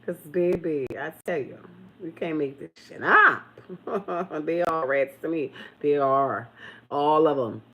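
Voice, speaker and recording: A woman hosting a casual livestream, talking in with big pitch swings and loud bursts. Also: slow. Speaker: livestream host.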